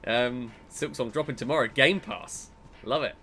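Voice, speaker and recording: A man, hosting a podcast stream and chatting excitedly while playing a game. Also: mid-range voice, normal speed, slight background noise.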